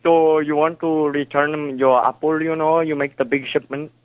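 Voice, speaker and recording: A man with an Indian accent speaks in a halting, insistent way, full of fillers. His voice sits fairly high and comes through a dull, muffled phone line. The sound is dry, with no room echo. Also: flat delivery, smooth. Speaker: prank call target. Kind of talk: phone call.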